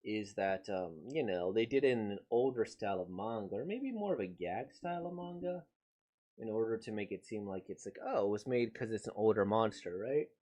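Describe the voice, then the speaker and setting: Rambling low-voiced man reacting to a comic. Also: expressive, fairly quick, darkish tone. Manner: rambling, many fillers. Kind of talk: casual reading reaction.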